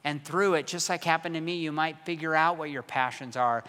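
A man's voice: a little high, steady tone, fairly quick, bright, forceful tone, clear, resonant tone, big-room sound. A middle-aged male pastor preaching a casual, self-deprecating sermon, often repeating his words as he talks.

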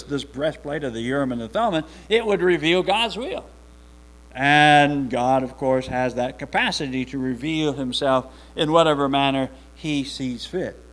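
A man's voice: on the high side, fairly bright tone, poor audio. A man preaching a conversational sermon, often restarting and repeating words as he explains scripture.

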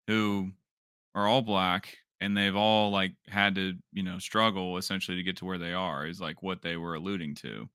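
A man's voice: low-pitched, clear, resonant tone, dry recording, studio quality. A young man co-hosting a sports podcast, rambling casually with lots of filler words and swearing. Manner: rambling, animated, swears, laughs when worked up. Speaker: podcast co-host.

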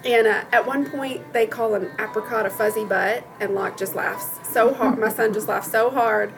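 A woman's voice: on the high side, fairly even intonation, moderate pace, vocal fry, music in the background, low-quality recording. A woman and mother chatting casually on a podcast, gushing and giggly about a children's book. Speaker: podcast co-host, mom. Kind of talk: casual chat.

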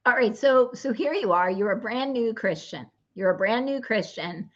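A woman's voice: on the high side, expressive, moderate pace. Bubbly woman hosting a faith talk show. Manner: bubbly, laughs often, affirms with "come on". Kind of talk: casual faith interview chat. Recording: dull, muffled audio.

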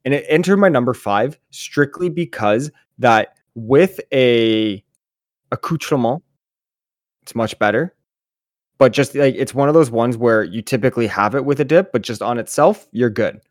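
A man's voice: medium pitch, normal speed, dry recording, clean studio sound. A man co-hosting a casual podcast, chatty and joking, rambling with many "like"s. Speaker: podcast co-host.

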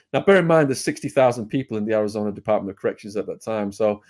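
A man's voice: lowish voice, lively intonation, darkish tone. An English man, a guest in an interview, telling a story in a vivid, conversational way. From England. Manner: vivid retelling, brisk and conversational.

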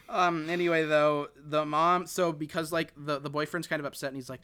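A man's voice: on the high side, fairly even intonation, moderate pace, bright, forceful tone, smooth. A man hosting a casual podcast chat, recapping a film in a rambling way with lots of fillers and restarts. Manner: rambling, full of fillers and restarts, quotes characters. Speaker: podcast host.

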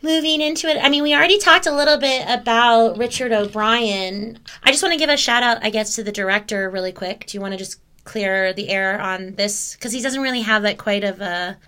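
A woman's voice: fairly high pitch, a little fast, hardly any pauses, bright, forceful tone, clear, resonant tone. A woman co-hosting a casual film podcast, talking with enthusiasm and laughing often. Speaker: podcast co-host.

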